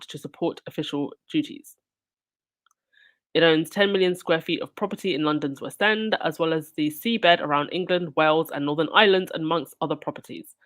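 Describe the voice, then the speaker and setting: Sarcastic woman commenting on royal news. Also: low-pitched. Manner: sarcastic, indignant asides. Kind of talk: reading news aloud and commenting.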